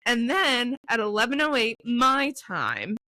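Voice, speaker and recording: Twenties woman, podcast co-host, bright and dry, mid-pitched, storytelling with lots of swearing. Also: very animated, no room sound, poor audio. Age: 20s. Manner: storytelling, swears freely, reads texts aloud quickly. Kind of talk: casual chat.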